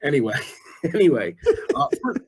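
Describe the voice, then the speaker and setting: A man's voice: on the high side, huge pitch swings, normal speed, gravelly, a little mellow, husky. A man in his forties, a radio DJ guest, chatting casually in a laid-back, self-deprecating way. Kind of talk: casual chat.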